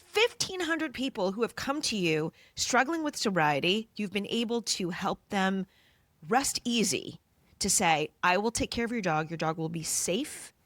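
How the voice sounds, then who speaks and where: A woman's voice: mid-range voice, lively intonation, a little slow, a bit bright, dry recording. Female host, mid voice, attentive interviewer, dry sound. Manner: attentive, reacts with short exclamations. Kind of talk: interview questions and reactions.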